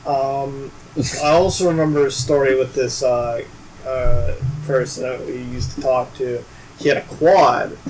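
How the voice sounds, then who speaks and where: A man talks casually and without hurry, as part of a relaxed chat among friends. His pitch sits in the middle, and steady background noise runs under his voice. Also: measured pace, recorded from a distance, rough recording. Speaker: podcast co-host.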